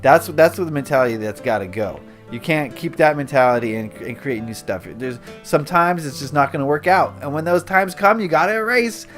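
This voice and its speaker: Man, game channel host, casual rambling commentary, slightly high pitch, soft guitar music under. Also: animated, brisk, few pauses. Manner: rambling, chatty, self-talking while building.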